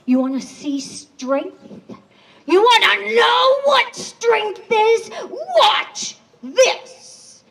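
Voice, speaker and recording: A woman voicing a boastful man in a spoken fable who turns furious, shouting his claims. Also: sits high, expressive, slow pace, vocal fry, voice pushed up, heavily acted.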